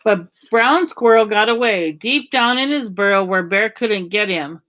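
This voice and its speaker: A woman reads a children's story aloud in a mid-pitched voice. She keeps a gentle, even storytelling pace. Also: a little slow, dull audio.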